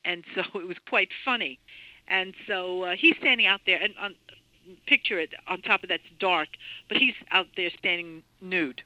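A woman guest telling a story in an interview, excitable and full of restarts and repeated words. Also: on the low side, normal speed, dry recording, poor audio.

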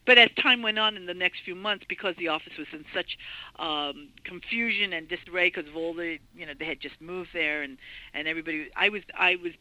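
Bright-voiced woman in her sixties, lively storyteller. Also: lowish voice, brisk, low-quality recording. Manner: lively anecdotal, laughs often, many fillers. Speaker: interview guest. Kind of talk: storytelling interview.

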